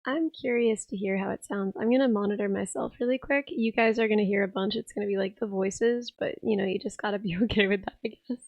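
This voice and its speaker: Hoarse, raspy young woman streaming. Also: mid-range voice, fairly even intonation, fast talker, hardly any pauses, a little mellow, no room sound, lo-fi sound. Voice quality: rough, raspy voice. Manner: chatty, giggly, reads chat aloud. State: hoarse, tired voice. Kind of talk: casual live-stream chat.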